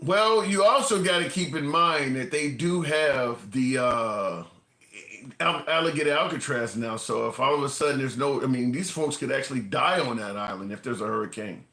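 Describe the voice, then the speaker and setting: A man's voice: medium pitch, moderate pace, pushed and bright, reverberant. A man hosting a casual interview chat, asking questions and pushing back on his guest. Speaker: host.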